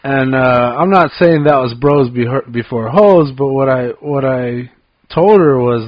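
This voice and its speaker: Male co-host, mid-pitched relaxed storyteller, dry close sound, slightly dull audio. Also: measured pace, dry recording. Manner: relaxed, self-deprecating, hesitant with fillers. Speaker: podcast co-host. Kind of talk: casual chat, storytelling.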